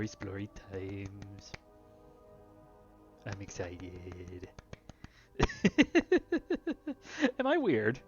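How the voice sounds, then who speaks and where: A man's voice: mid-range voice, a bit bright. Chatty guy streaming a game at home, talks to his cat, muffled mic, bit of music under it. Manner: chatty, playful, chuckling asides to his cat. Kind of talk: casual gameplay commentary. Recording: dull lo-fi with faint music.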